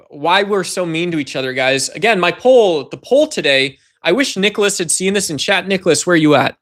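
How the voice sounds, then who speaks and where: Man, high-pitched voice, casual livestream host, rambling chat with viewers. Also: expressive, brisk, hardly any pauses, fairly bright tone. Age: adult.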